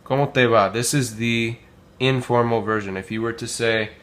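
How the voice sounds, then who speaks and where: A man teaching a casual language lesson, modelling phrases slowly with many pauses and filler words. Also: mid-range voice, fairly even intonation, a bit bright. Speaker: Spanish teacher.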